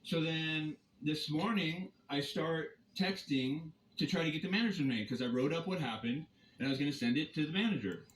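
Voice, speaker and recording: A man's voice: a little high, moderate pace, reverberant, slight background noise, poor audio. A man in a heated, rambling rant, filming on his phone from inside a vehicle. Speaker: campground guest confronting staff and police. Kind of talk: agitated first-person rant. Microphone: phone camera.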